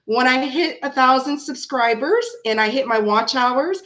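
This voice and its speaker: Woman doing a tarot live, chatty and bubbly, voice a bit on the high side. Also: measured pace. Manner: chatty, greets viewers warmly by name, bursts of excitement. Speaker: tarot reader hosting a live stream. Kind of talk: casual live-stream chat.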